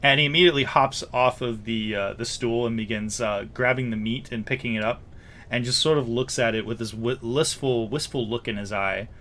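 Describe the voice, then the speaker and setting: A man narrating a tabletop game as game master, describing scenes with many pauses and fillers. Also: medium pitch, fairly bright tone, slight background noise.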